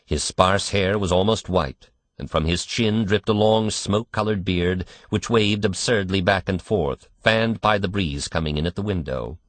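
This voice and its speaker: A man narrating a storybook reading with expressive storytelling. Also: low voice, normal speed, no echo. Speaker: audiobook narrator. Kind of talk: scripted narration.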